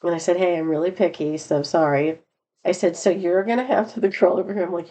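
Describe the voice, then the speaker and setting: A middle-aged woman with a fairly low voice tells a personal story in a loose, chatty vlog style. She rambles, restarts and laughs often, jumping up in pitch when she quotes herself or others. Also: fairly even intonation, quick pace, mellow. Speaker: vlogger. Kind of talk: casual storytelling.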